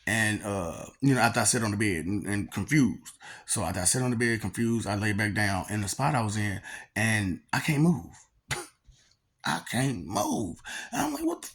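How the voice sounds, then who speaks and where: A man's voice: lowish voice, sing-song, brisk, a bit bright. A man telling a personal story in a casual, rambling way. He laughs often and keeps repeating filler phrases.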